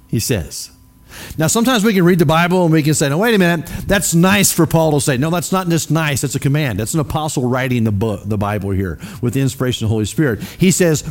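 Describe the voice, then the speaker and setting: A male pastor with a somewhat high-pitched voice delivers a sermon. He talks in a loose, conversational way and keeps asking the congregation questions. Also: expressive, normal speed. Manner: many fillers and restarts.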